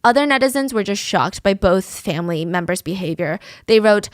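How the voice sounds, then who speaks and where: A woman's voice: mid-range voice, fairly quick, hardly any pauses, no echo, clean studio sound. Woman hosting a true crime podcast. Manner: animated, indignant storytelling. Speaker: podcast host.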